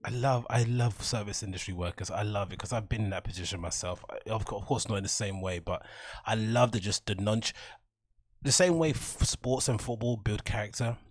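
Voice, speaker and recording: Man, low husky voice, dry close sound, casual chatty monologue. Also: fairly quick, no room sound. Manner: chatty, laughs often, mock-polite asides. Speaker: podcast host.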